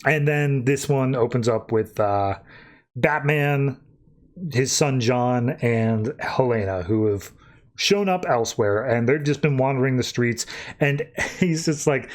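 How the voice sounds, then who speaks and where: A young adult man co-hosting a podcast casually recaps a comic in a loose, rambling way, slipping into quick voices for quoted lines. His voice is medium-pitched.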